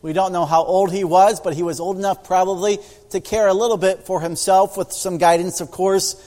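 A man's voice: high-pitched, steady tone, brisk, a little mellow. A middle-aged man preaching a sermon, telling stories and acting out the voices of the people in them. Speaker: pastor. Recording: long hall reverb.

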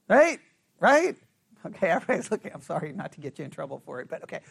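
A middle-aged man with a high voice leads a Bible study lesson, talking in a chatty way and checking often that the class follows. He drops into a low mumble to act out sarcastic replies. The sound is close and dry. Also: sing-song, fast, gravelly, dry recording.

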